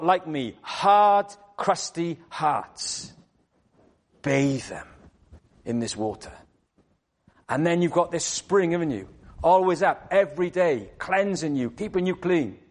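Earnest man preaching. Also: fairly high pitch. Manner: earnest, with rhetorical questions and repetition. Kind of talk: sermon.

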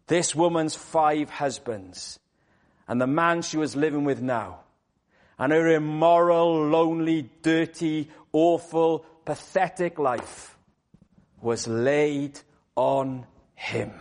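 A man delivers a church sermon, his voice sitting a little high for a man. He tells the story with drama, dropping to a hush and then rising loud. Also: a little slow. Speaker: preacher.

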